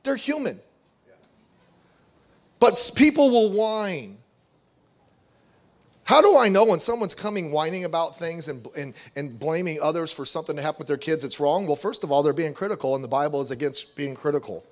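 Middle-aged male pastor, high voice, animated sermon delivery with acted-out quotes. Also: moderate pace, long pauses. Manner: animated, acts out quoted voices, reads scripture aloud.

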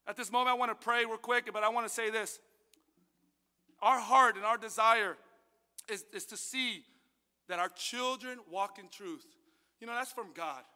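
A man with a very high, bright and piercing voice preaches to his church. His tone is smooth and clear, and a long echo hangs behind him in the hall. He tells his story with animated swings, from hushed asides to loud bursts. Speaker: pastor. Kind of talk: sermon with personal testimony.

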